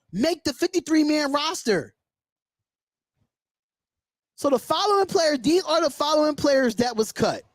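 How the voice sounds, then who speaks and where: A man's voice: very high voice, a bit bright, no echo, clean studio sound. A man hosting a sports call-in show, ranting in an indignant, emphatic way and repeating himself. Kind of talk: sports talk livestream rant.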